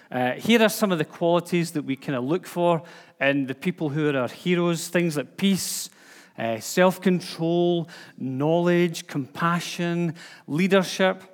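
A man with a Scottish accent giving an informal sermon, chatty, with lots of fillers and restarts. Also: fairly high pitch. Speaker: preacher. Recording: long hall reverb.

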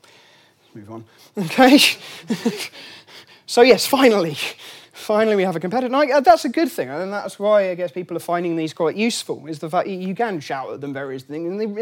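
A man's voice: high voice, lively intonation, fairly quick. A middle-aged man giving a lunchtime lecture in a room, chatty and wry, with many fillers and restarts.

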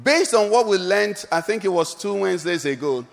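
A man's voice: high voice, lively intonation, moderate pace, vocal fry, big-room sound. A male pastor preaching a sermon and calling out questions for the congregation to answer. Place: church hall.

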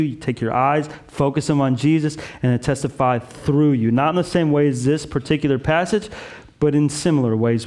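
A man's voice: medium pitch, a little mellow. A man preaching a sermon as pastor, earnest and conversational, with frequent "like" and "right?" asides.

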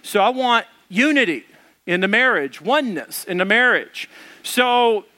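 A man in his thirties or forties, a pastor telling a funny marriage story in an animated sermon and acting out the quotes. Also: high voice, measured pace.

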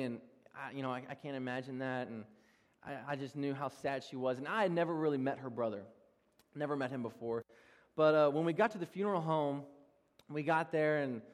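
A young man preaches a sermon, mixing self-deprecating anecdotes with laughter and lively delivery. His voice sits a little high for a man. It rings out with a long reverb through a large church hall. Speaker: pastor. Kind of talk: sermon with personal stories.

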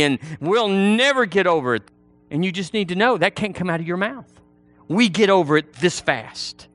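Animated preacher, bright voice. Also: male voice, fairly high pitch. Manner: folksy and animated, mimics people in funny voices. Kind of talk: sermon.

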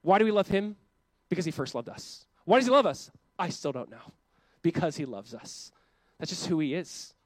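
A young adult man preaching a sermon as pastor, impassioned and often voicing God in quick quoted asides. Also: fairly high pitch, lively intonation, a little mellow, no room sound.

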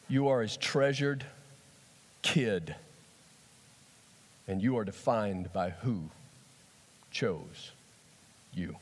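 A man preaching a sermon in an animated way, repeating phrases and swinging between soft and loud. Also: lowish voice, extremely slow, pauses often. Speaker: pastor. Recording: long hall reverb.

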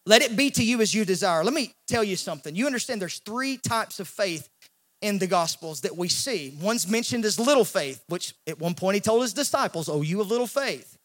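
A male pastor, preaching a sermon in an animated way and acting out the voices in the story. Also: sits high, a little fast. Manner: animated, acts out quoted voices, repeats words when he restarts.

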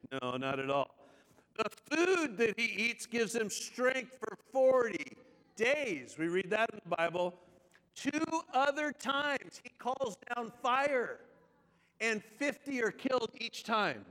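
A man's voice: very high voice, big pitch swings, slow, a bit bright, long reverb tail, poor audio. A man preaching a sermon as pastor, with chatty, joking asides to the congregation.

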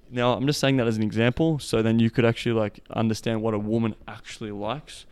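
A man hosting a casual podcast monologue with a smooth, resonant voice. His pitch stays fairly level and doesn't rise or fall much. He talks loosely, swears freely, and keeps falling back on filler phrases. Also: level tone, fast, few pauses, darkish tone. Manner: profane, loose, full of "like" and "the thing is". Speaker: podcast host.

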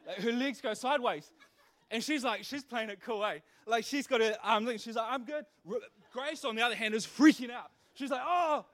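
A young man preaching a sermon, telling a funny story with animated energy before turning earnest. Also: very high voice, a little fast. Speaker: pastor.

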